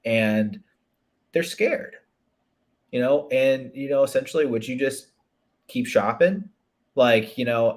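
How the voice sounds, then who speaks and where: A man talking as a relationship coach in a relaxed interview. He is earnest and thoughtful, with a voice of middling pitch. He often restarts his sentences and leans on "you know" as he explains. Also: slow pace, long pauses. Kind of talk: conversational interview.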